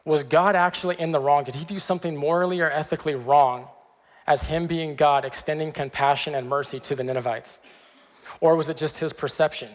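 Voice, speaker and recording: A man preaching a sermon as pastor, in a conversational way, often pausing to check in with "okay.". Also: fairly high pitch, fairly even intonation, long reverb tail. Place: church sanctuary.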